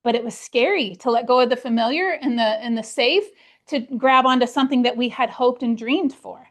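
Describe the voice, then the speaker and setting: A woman's voice: fairly high pitch, fairly quick. A middle-aged woman leading a real estate team meeting, speaking earnestly and telling personal stories to motivate her agents. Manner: earnest, storytelling, acts out her own past worries.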